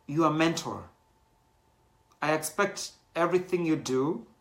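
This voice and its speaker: Male host, bright tone, animated casual delivery, talks straight to the audience. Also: medium pitch, vocal fry. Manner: animated, mixes in Swahili slang, many fillers. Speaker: show host.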